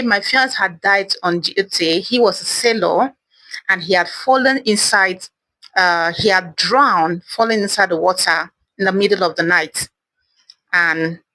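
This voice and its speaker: A woman's voice: mid-range voice, a bit bright, no room sound. A woman host telling her own story of losing a loved one in an earnest, emotional monologue, often repeating words as she speaks. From Africa. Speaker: channel host sharing personal story. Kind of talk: personal testimony monologue.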